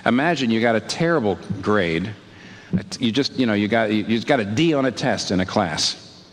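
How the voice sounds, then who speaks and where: A man preaching a sermon in an animated way, asking rhetorical questions and leaping up in pitch to stress a point. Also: normal speed. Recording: long hall reverb.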